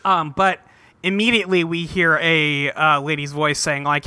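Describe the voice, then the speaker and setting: A man chatting casually as a co-host, walking through an episode's scenes and quoting the characters. His voice is bright and a touch high, recorded dry and close. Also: moderate pace, clean tone, no echo. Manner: relaxed, retells scenes with acted quotes. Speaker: podcast co-host. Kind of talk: casual chat recapping a TV episode.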